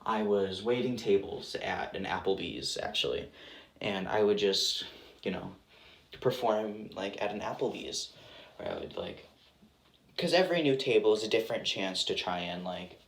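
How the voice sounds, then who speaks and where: A man's voice: lowish voice, big pitch swings, normal speed, gravelly, a bit bright. A young adult man answering interview questions in a casual, rambling way. He uses lots of filler words and pokes fun at himself. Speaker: actor guest. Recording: roomy with faint background noise.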